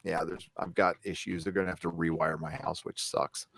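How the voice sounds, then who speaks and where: A man's voice: deep voice, level tone, brisk, gravelly, fairly bright tone, no room sound. Fired-up male livestream host, dry sound. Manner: fired-up, rallying and blunt. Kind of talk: casual live-stream chat. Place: home room.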